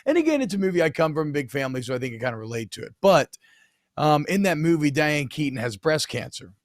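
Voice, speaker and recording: A man in his thirties co-hosting a sports podcast, telling a self-mocking story in an animated way. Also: on the high side, quick pace, no echo, clean studio sound. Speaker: co-host. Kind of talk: casual sports podcast chat.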